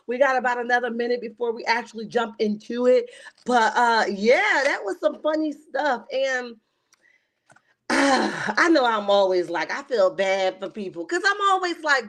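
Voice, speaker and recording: A woman's voice: on the high side, measured pace. Slangy woman livestreaming a reality recap. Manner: animated and laughing, often calls listeners "honey"; slangy and emphatic. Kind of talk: casual livestream commentary.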